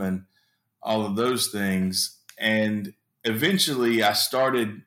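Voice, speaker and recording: Lowish guy chatting as a guest, stumbles and repeats words, roomy echo on his mic. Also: fairly even intonation, slow, fairly bright tone. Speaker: sales trainee guest. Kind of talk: casual chat.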